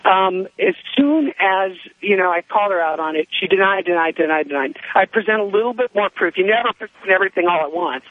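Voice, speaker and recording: High-voiced man on a tinny phone line. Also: expressive, brisk, hardly any pauses, no room sound. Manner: rambling, many ums and restarts. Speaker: caller. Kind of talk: call-in radio story. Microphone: telephone.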